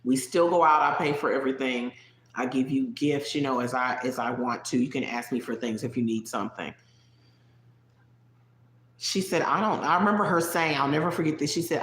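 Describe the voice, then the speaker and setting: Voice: medium pitch, a little fast, fairly bright tone, a little hiss or hum. A livestream host telling a personal story in casual, digressive chat, talking straight to viewers in the chat. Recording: roomy echo.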